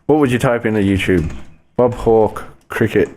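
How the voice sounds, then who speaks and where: A man with a fairly low voice chats casually, rambling and restarting. He co-hosts a podcast. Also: moderate pace, a little mellow. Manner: rambling, stop-start chat. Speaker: podcast co-host. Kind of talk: casual chat.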